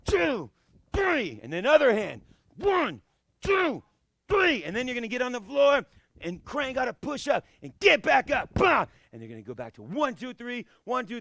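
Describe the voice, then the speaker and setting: A high-pitched, bright male karate instructor with a gravelly edge, coaching kids through drills. He swings up and down in pitch and bursts into loud kiai shouts as he demonstrates, recorded dry and close in an indoor studio. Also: no echo. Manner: energetic and playful, shouting kiai yells while demonstrating. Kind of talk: leading a kids' karate class.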